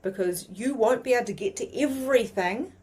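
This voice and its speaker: A woman with a New Zealand accent teaching mediumship in a chatty, animated way, with many fillers. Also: fairly high pitch, fairly quick. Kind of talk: casual teaching monologue.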